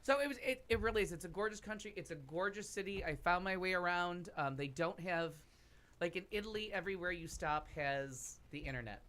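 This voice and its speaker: Here a man with a high, slightly bright voice talks briskly. He's a talk-show podcast cast member, casually chatting and rambling through a lengthy travel tale with many asides.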